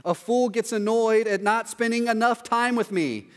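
A man preaching a sermon in a conversational way, often adding quick "right?" asides. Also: very high voice, clean tone, long reverb tail. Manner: conversational, acts out quoted voices, frequent "right?" asides. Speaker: pastor.

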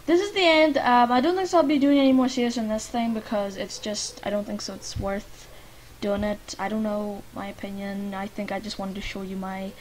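A woman from Lithuania with a Lithuanian accent, giving chatty gameplay commentary and talking to the game characters, at times muttering and at times loudly protesting. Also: mid-range voice, fairly even intonation, brisk, slight background noise. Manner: chatty, talks to the game characters, swings from mumbling to loud protests. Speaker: gaming YouTuber. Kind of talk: life-sim gameplay commentary. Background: faint game music.

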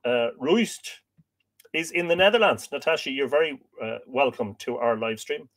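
A man's voice: medium pitch, normal speed, a bit bright. An Irish man hosting a casual livestream, greeting viewers by name and making jokes as he reads out their comments. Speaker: livestream host.

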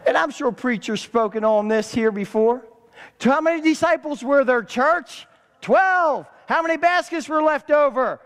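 A man's voice: very high voice, normal speed, fairly bright tone. A man preaching a sermon as pastor, calling for responses from the congregation and repeating words for emphasis. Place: church sanctuary. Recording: church hall reverb.

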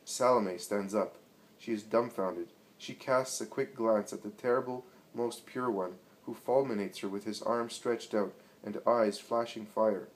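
A man narrating a religious story in a measured, dramatic reading. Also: lowish voice, rough recording.

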